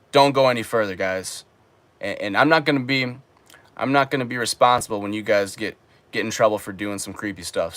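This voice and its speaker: A man's voice: mid-range voice, no echo. A young man hosting a casual livestream, reading viewer questions and joking as he answers. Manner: relaxed and joking, reads viewer questions aloud. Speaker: livestream host reading chat. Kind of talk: casual live-stream chat. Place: home streaming room in Japan.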